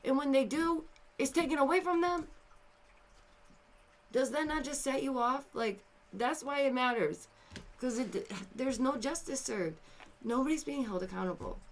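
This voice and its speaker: A woman talks straight to her viewers in a casual commentary. She sounds exasperated and animated. Her voice jumps to loud outbursts, then sinks into quiet, somber asides. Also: high voice, moderate pace, pauses often, slight background noise. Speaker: commentary video host.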